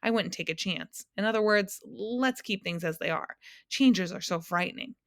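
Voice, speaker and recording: A woman's voice: mid-range voice, moderate pace, no room sound, clean studio sound, lightly acted. A woman reading aloud and voicing a nervous, shapeless male giant who hedges everything he says. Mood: hedging. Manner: hedging, roaring then fretful.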